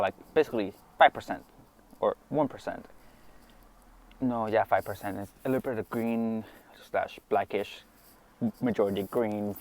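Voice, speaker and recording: A man's voice: fairly low pitch, a little mellow. A young man improvising a fan story aloud, rambling and correcting himself as he goes. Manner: rambling, self-correcting with fillers. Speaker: amateur storyteller.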